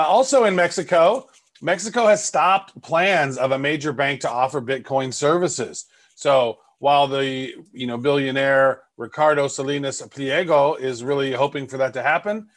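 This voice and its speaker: Chatty higher-voiced male podcast co-host. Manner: rambling, chatty, lots of fillers and restarts. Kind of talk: casual chat.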